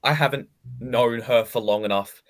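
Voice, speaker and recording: A man co-hosting a casual podcast, giving his views in a measured way. He often opens his points with a slight hesitation. His voice sits at a middle pitch. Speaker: podcast co-host. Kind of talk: casual chat.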